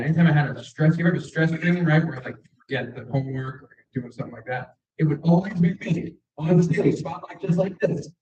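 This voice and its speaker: Man, stand-up comedian, slightly high voice, rambling self-mocking storytelling, echoey room, heard from a distance, dull recording. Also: darkish tone. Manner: rambling, chatty, self-mocking delivery with fillers. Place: small stage before a live audience.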